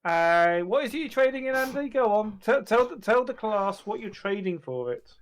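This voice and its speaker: A man's voice: sits high, lively intonation, moderate pace. A man chatting casually and joking with a friend, laughing often. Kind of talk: casual chat.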